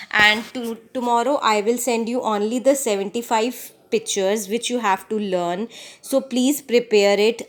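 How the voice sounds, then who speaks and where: A woman's voice: medium pitch, fairly bright tone. A woman teacher with an Indian English accent reads a vocabulary list word by word, giving short definitions and slipping into Hindi to explain. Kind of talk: reading vocabulary lesson aloud.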